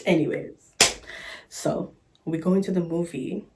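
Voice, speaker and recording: A woman's voice: on the low side, fairly even intonation, measured pace, background noise. A woman vlogger telling a story in a casual chat, sassy and exasperated, recorded on a phone camera.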